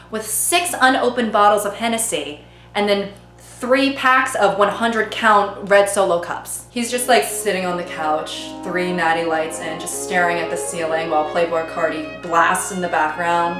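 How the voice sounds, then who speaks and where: A YouTube host presents a comedic commentary video with sarcastic, playful delivery, slipping into mock voices. Her voice is on the low side but fairly bright, recorded in an echoey room with faint music.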